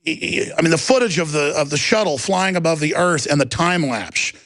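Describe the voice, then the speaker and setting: A man's voice: fairly high pitch, animated, normal speed, fairly bright tone, no echo. A man hosting a talk radio show, delivering an intense, rambling monologue with emphatic outbursts. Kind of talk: ranting monologue. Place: radio studio.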